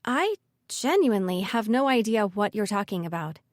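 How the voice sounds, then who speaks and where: A woman's voice: mid-range voice, big pitch swings, normal speed, no echo, studio quality, natural voice. A woman voicing a flustered teenage girl. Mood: earnest. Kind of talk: audiobook character voice.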